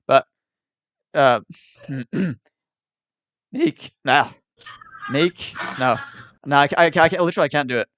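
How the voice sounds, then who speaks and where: A man's voice: fairly high pitch, slow, pauses often, fairly bright tone, no room sound, highs cut off. A man chatting casually on a live stream as a guest, hesitant, often repeating words and laughing off requests. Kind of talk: casual chat.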